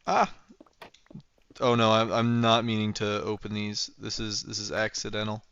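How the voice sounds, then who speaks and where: A man's voice: lowish voice, steady tone, normal speed, creaky, fairly bright tone, clear, resonant tone, highs cut off. Playful young man streaming a game. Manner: rambling, playful, thinks aloud while building. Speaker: livestreamer. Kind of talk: casual gameplay livestream chat.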